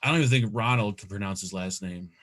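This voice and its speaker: A man's voice: on the low side, quick pace, a bit bright. A man co-hosting a live online show, bantering in a playful, joking way. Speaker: co-host. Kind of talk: casual live-stream banter.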